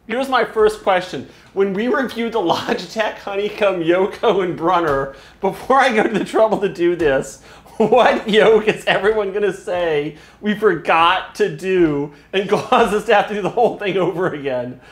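A man's voice: sits high, normal speed. A man hosting a casual product review, chatting at length and explaining things, often breaking into laughs. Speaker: host reviewing flight sim gear. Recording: roomy echo.

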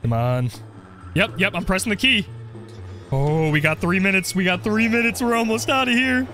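A young man commenting on his game play, joking and getting excited as he goes. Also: sits high, normal speed, soft background music. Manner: jokey, excitable, role-plays as the character. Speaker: gaming video creator.

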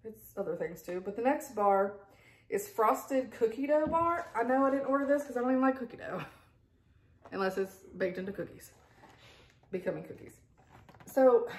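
A woman with a fairly high-pitched voice chats casually at home as a vlogger, doing an unboxing at her kitchen table with pets around. She rambles with frequent asides and laughs, and the sound is reverberant.

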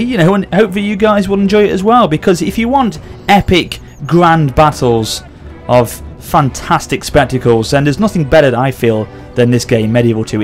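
Over the gameplay, this gaming channel host calls a battle with excitement and keeps turning to address his viewers. His voice sits on the high side.

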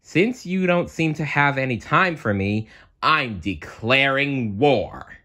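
A man's voice: mid-range voice, animated, slow pace, pushed and bright, voice pushed up. Storybook role: a mischievous young woman, put on by a man, teasing and theatrical. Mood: playful. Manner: teasing, dramatic.

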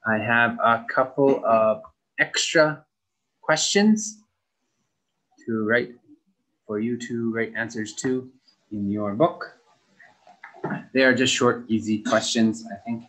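Man, English teacher, slow unhurried pace, careful explaining, repeats instructions for children. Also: medium pitch, fairly bright tone. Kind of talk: recorded online lesson.

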